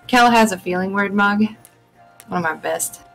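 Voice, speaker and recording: A woman's voice: mid-range voice, moderate pace, vocal fry, over music, rough recording. A young woman chatting casually as a guest on a live stream podcast, rambling with many fillers and restarts.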